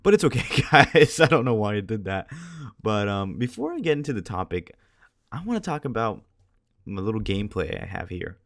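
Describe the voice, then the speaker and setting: A teenage guy rambles through casual video commentary, his low voice tired and a little scratchy. He talks in a chatty, meandering way and keeps it loose and self-amused. The sound is dry and close, with no room around it. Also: big pitch swings, moderate pace, fairly bright tone, no echo. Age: teens. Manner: chatty, rambling, laughs at himself. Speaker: gameplay commentator.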